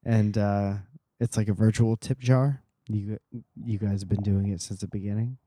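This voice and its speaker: A man's voice: fairly low pitch, level tone, mellow, dry recording, clean studio sound. A man co-hosting a podcast, chatting casually and joking around playfully. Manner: joking, playful, drawn-out asides. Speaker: podcast co-host. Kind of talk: casual chat.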